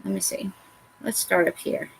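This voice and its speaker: Gravelly-voiced woman chatting through a craft. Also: medium pitch, steady tone, normal speed, slight background noise, low-quality recording. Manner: chatty, talks to herself while working, self-mocking. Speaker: crafts tutorial host. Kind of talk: casual how-to talk while working.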